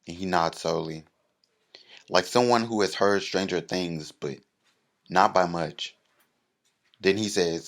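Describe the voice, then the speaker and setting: A man telling a comic story, animated and bursting into mock-rally shouting. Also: low voice, unhurried, long pauses. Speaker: comedian.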